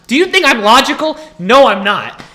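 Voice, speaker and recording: A man's voice: very high-pitched, normal speed. A young man, a student, ranting comedically to camera and acting out the people he complains about. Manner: animated complaining, acts out dialogue. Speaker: student vlogger.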